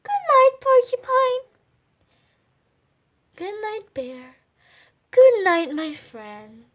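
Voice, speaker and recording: A woman voicing a small, shy girl mouse who paints, speaking earnestly and gently. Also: high voice, very animated, measured pace.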